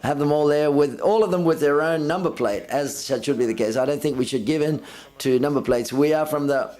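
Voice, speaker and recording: A man's voice: on the high side, a little fast, a little mellow. A man giving simultaneous interpretation at a film festival press conference, relaying each speaker in the first person and lifting his voice for quoted lines.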